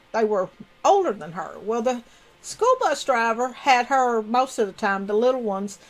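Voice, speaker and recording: A middle-aged woman, chatting to her stream as a folksy storyteller. Her voice sits a little high and climbs higher still when she coaxes someone nearby. She talks casually and freely, with many restarts. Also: low-quality recording. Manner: folksy, animated storyteller with sudden high coaxing asides. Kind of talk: casual storytelling to a live chat.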